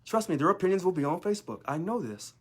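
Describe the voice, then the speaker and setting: A man's voice: high voice, very animated, fast, breathy edge. A man, a union local leader, talking in a sarcastic monologue full of rhetorical questions. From United States. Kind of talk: casual monologue video.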